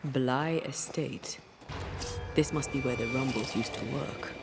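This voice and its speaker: A man voicing a game companion, dry and measured. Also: medium pitch. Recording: game audio under loud music.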